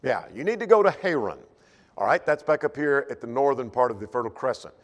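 A man's voice: mid-range voice, big pitch swings, fast. A man leading a Bible study lesson who thinks aloud, restarting phrases and repeating words as he goes. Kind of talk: Bible class lecture. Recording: long reverb of a hall.

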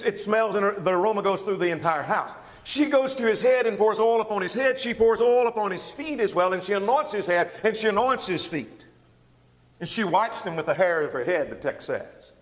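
A man preaching an expository sermon, walking through verses with emphatic, animated delivery. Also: sits high, normal speed, big-room sound. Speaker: pastor.

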